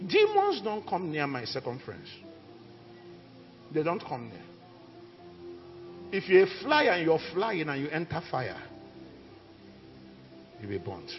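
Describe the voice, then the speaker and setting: A male pastor preaching a fiery sermon, dropping low and then shouting out declarations. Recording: echoey hall with dull sound and faint music.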